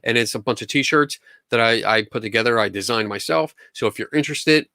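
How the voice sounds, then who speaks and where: A man's voice: medium pitch, a little fast, gravelly, bright, forceful tone, no room sound, clean studio sound. A man hosting a live question-and-answer stream, talking casually in an upbeat, enthusiastic way, often restarting his sentences. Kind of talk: casual livestream chat.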